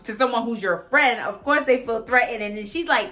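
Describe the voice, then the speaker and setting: Animated young woman vlogger ranting casually. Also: sits high, quick pace, hardly any pauses. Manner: animated, swearing, jumps between topics, mimics others. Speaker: vlogger recapping reality TV. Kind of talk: casual chat.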